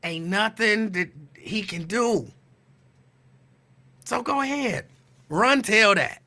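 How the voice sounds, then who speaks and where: A man's voice: high-pitched, animated, takes it slowly, pushed and bright. A man hosting his own podcast, teasing and calling someone out in a profane, repetitive casual rant. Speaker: podcast host.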